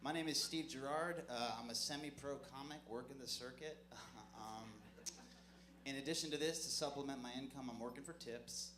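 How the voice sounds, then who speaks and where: A man performing a stand-up comedy set on a club stage, with an awkward, self-deprecating delivery full of halting restarts. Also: mid-range voice. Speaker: stand-up comic. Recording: echoey club room with crowd noise.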